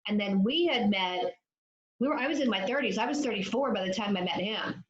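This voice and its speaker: A woman's voice: mid-range voice, expressive, brisk. A woman guest on a podcast, explaining addiction with confidence. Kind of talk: podcast interview. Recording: echoey room, dull lo-fi sound.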